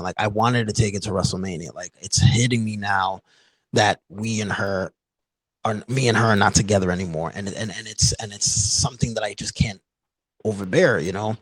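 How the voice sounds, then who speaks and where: Low-voiced man telling a personal story. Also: no room sound, rough recording. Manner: earnest, halting, heavy with "like" and "you know". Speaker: podcast host. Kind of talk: candid personal storytelling in a conversation.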